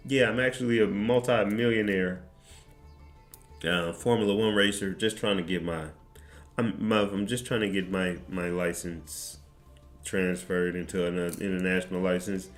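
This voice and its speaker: A man's voice: low-pitched, steady tone, normal speed, faint music behind, natural voice. A man voicing a polite British racing driver with a mock British accent, mildly pleading for help.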